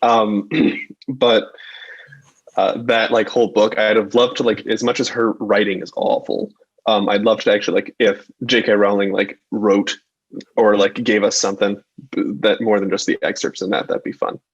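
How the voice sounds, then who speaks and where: A man's voice: fairly low pitch, little pitch movement, normal speed, muffled recording. A young man co-hosting a podcast, talking casually and rambling with many likes and restarts. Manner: rambling, hesitant, lots of likes. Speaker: podcast co-host. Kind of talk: casual chat.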